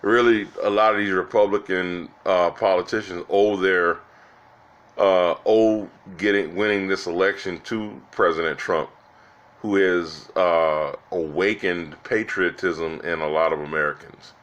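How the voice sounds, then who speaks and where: A man's voice: low-pitched, fairly even intonation, measured pace, a bit bright, highs cut off. A man giving rambling, exasperated political commentary to his viewers, with many restarts, calling them "guys" and "y'all". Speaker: political vlogger.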